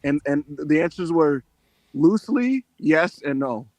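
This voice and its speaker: Male podcast host: animated, story-driven, fairly high with wide swings, dry close sound. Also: unhurried, no echo. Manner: animated storyteller, acts out quotes. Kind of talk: casual chat.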